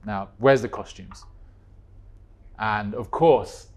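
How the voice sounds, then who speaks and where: A man guest telling a story in a casual chat, animated, with quick swings in pitch and loudness. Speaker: guest, co-creator of a stage musical.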